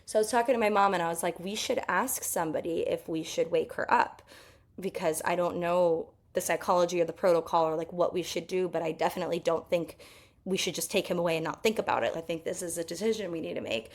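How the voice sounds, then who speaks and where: Young woman telling a personal story, kinda low voice, lots of vocal fry, talks candid and emotional. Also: fast. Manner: candid, emotional, many fillers. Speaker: podcast host.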